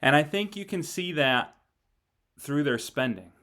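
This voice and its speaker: A man co-hosting a sports talk show, speaking in a relaxed conversational way with frequent filler words. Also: fairly high pitch, unhurried. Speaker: sports podcast co-host.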